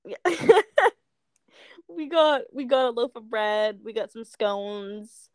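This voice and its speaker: A young woman with a fairly high voice that swings all over as she tells a story. She giggles a lot and sounds tired. The sound is dry and close, with no room around it. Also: animated, slow pace, a little mellow, dry recording. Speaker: podcast co-host. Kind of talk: casual chat.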